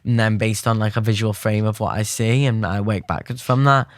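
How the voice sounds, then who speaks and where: A man's voice: on the low side, steady tone, fairly quick, dry recording. A young man with a Scouse accent, chatting animatedly as a podcast guest, rambling with many fillers and restarts. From Liverpool, England. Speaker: podcast guest, poet and theatre maker. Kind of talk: casual interview chat.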